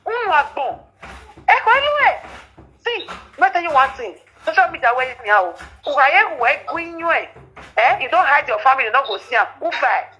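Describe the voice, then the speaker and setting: A woman's voice: high-pitched, very animated, fairly quick, bright, forceful tone, poor audio. A woman with a Nigerian accent giving a heated, scolding rant as a social media commentator, repeating her warnings over and over.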